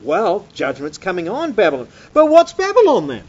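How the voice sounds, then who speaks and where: Animated man preaching an emphatic sermon. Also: sits high, moderate pace, muffled recording. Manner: animated, emphatic, conversational, says "man" often. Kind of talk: sermon teaching. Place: church or hall with slides.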